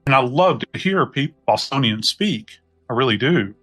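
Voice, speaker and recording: A middle-aged man from New Orleans with a Southern US accent, a podcast guest telling reflective stories in an unhurried, folksy way. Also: medium pitch, expressive, a bit bright, breathy edge, faint music behind. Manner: unhurried, folksy, many "you know" asides. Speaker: podcast guest, death investigator. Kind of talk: reflective storytelling conversation.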